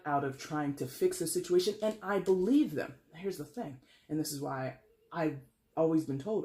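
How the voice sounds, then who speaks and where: A tarot card reader giving a casual, blunt reading, emphatic and laughing often, with casual swearing. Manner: animated, leaps in pitch for emphasis.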